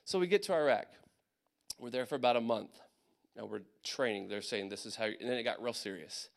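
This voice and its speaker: A young man from Indiana telling a personal story of army service to a gathering, animated, with many fillers and acted asides. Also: mid-range voice, a little fast, vocal fry. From Indiana, USA. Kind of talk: personal testimony talk.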